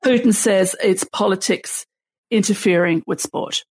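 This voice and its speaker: A woman's voice: medium pitch, unhurried, husky, no room sound. A woman co-hosting a podcast, recounting events at length with plenty of fillers and restarts. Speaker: podcast co-host. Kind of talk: casual podcast discussion.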